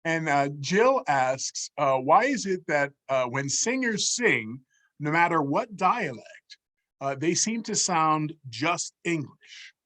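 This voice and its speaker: A man's voice: on the high side, big pitch swings, slow pace, a bit bright. Hesitant man moderating a video call. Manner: hesitant, many fillers, polite. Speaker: workshop moderator relaying chat questions. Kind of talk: moderating an online workshop.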